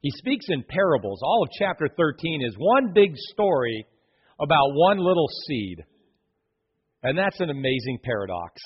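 A man's voice: on the high side, very animated, moderate pace, breathy edge. A man in his forties, a pastor, giving a casual sermon full of jokes and stories and acting out the people in them. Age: 40s. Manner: joking storyteller, acts out voices. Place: church sanctuary. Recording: muffled lo-fi recording.

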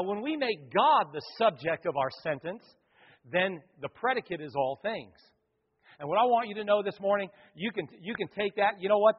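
High-voiced preacher swelling and dropping. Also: male voice, slightly rough, big-room sound, dull audio. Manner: preaching with sudden loud swells and quiet drops. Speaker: pastor. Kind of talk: sermon.

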